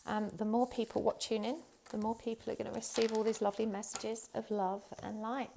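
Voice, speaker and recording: A woman's voice: on the high side, level tone, a little fast, gravelly, noisy background. A woman giving a chatty tarot reading straight to her viewers, talking casually with many fillers. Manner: chatty, warm-hearted, many ums and you-knows. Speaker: tarot reader.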